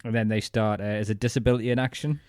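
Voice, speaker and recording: A man's voice: on the low side, steady tone, fast talker, a little mellow, smooth, dry recording, clean studio sound. A man co-hosting a casual podcast chat, rambling and thinking aloud. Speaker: podcast co-host.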